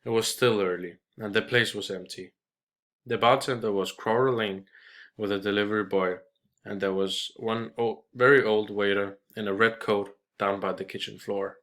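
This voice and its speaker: Man reading a short story, bright voice. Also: lowish voice, fairly even intonation. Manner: measured, with small restarts. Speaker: reader.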